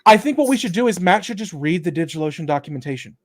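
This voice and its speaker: Texan guy hosting a stream from home, talks kinda high, rambly and chatty. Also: animated, racing. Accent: South Texas. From Texas, USA. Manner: chatty, rambling, lots of likes and restarts. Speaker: host. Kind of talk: casual livestream chat. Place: home room with open window.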